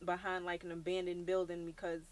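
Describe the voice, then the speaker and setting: Podcast host, thirties, rapid and lower-pitched, blunt street slang. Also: female voice, completely flat delivery. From Brooklyn, New York. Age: 30s. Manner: blunt, slangy, storytelling with many "like" fillers. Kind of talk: casual podcast chat.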